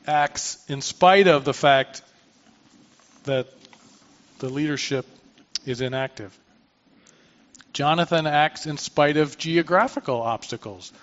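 With the highs cut off in the recording, a man with a fairly high, slightly bright voice preaches as a pastor. He reads scripture and then explains it conversationally, pausing for asides and restarts.

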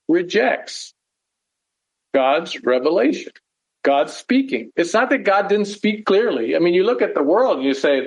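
A man's voice: sits high, big pitch swings, unhurried, slightly rough, lo-fi sound. A man preaching a conversational sermon, earnest, often asking rhetorical questions and checking in with "right?". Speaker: pastor teaching a Bible study.

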